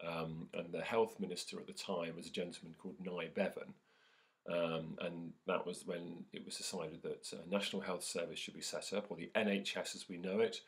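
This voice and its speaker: A man teaching, leading a school assembly and reading a story to children, gently with frequent ums. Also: low voice. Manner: gentle, hesitant with fillers, animated when reading.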